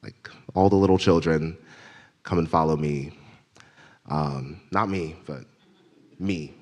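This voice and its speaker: A man delivering the Sunday message at church in a relaxed, self-deprecating way, improvising with gentle humor. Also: very deep voice, takes it slowly. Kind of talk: informal sermon. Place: church sanctuary.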